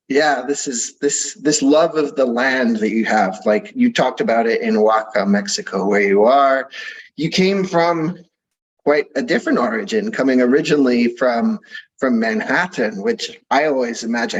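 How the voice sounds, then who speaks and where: A husky-voiced man hosting an interview. He talks in a loose, rambling, chatty way and laughs easily. His pitch sits in a middling range for a man. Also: moderate pace, muffled recording. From England. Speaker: podcast host. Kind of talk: casual interview chat.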